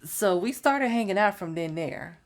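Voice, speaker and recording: With lively intonation and a mid-range voice at normal speed, a young adult woman vlogs about her college days. She keeps it casual and chatty, occasionally breaking into laughter at her own story.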